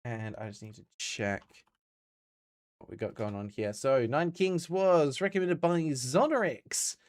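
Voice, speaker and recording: Lively Australian man streaming games. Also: mid-range voice, measured pace. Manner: chatty, lively, reads and answers chat. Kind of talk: casual live-stream chat.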